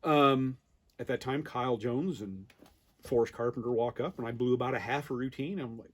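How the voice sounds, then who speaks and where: A man in his fifties with an American accent, telling a lively story in a casual interview and acting out the quoted exchanges. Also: medium pitch, moderate pace, breathy edge. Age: 50s. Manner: animated storyteller, acts out quoted exchanges with laughs. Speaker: duck calling champion guest.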